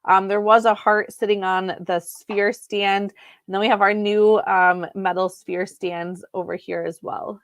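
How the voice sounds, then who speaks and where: Woman host for a home live-sale stream, easygoing chat, slow delivery, dry close sound. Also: medium pitch, level tone, no echo. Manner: chatty, unhurried, many ums. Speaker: crystal seller hosting a live sale.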